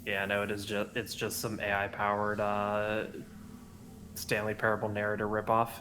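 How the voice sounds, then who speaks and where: A man's voice: on the low side, completely flat delivery, moderate pace, background noise. Playful rambling gamer guy. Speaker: friend on stream. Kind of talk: casual gaming voice chat.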